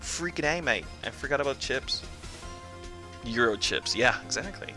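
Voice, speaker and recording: A young man chats casually while streaming a game, rambling and joking. His pitch is lively and animated, and game music plays behind him. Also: moderate pace. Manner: rambling, jokey, lots of "dude" and "like".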